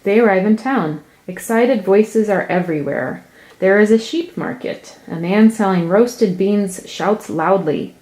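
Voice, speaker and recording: A woman reading a picture book aloud, narrating slowly and deliberately in a soft voice. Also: medium pitch. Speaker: storyteller.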